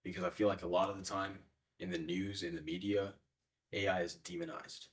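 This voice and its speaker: A man's voice: low-pitched, little pitch movement, fairly quick, recorded from a distance. A young man answering interview questions in a casual, hesitant way with many fillers. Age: young adult.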